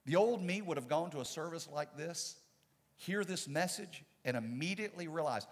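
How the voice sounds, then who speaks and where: A man, a pastor, preaching a sermon with dynamic swings from loud to soft. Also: a little high, expressive, moderate pace, big-room sound, slight background noise. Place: church sanctuary.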